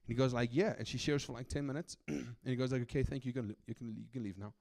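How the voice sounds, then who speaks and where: A middle-aged man from Africa, preaching a sermon as a guest speaker, telling personal stories in an animated, conversational way and often asking "right?". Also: mid-range voice, quick pace, vocal fry. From South Africa.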